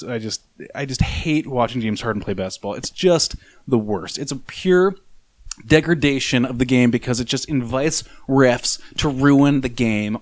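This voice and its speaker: A man's voice: medium pitch, dry recording. Teasing man on a casual podcast. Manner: teasing, laughs easily. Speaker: podcast co-host. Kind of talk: casual chat.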